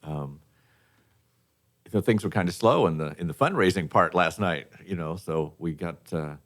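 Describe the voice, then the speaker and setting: Hoarse, very deep-voiced man; easygoing radio guest who laughs as he talks. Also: normal speed. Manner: relaxed storytelling, chuckles often. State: hoarse from losing his voice. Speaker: guest from a charity foundation. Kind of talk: casual radio chat. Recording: radio studio.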